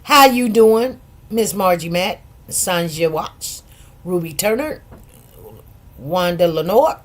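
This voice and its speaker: A woman's voice: lowish voice, lively intonation, slow pace. A middle-aged woman hosting a casual live stream, chatting loosely, greeting viewers by name and repeating words for emphasis. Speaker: livestream host.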